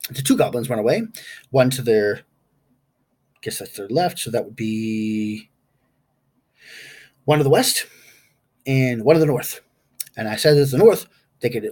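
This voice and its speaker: Male game master, husky and animated, casual rambling session recap. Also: mid-range voice. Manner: rambling, stops to recall names aloud.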